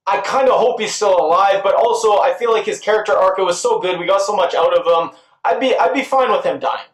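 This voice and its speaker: A man giving a casual spoken recap and review of a TV episode, chatty and quick to act out the characters' lines. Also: high-pitched, roomy sound. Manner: chatty, quotes characters in quick put-on voices.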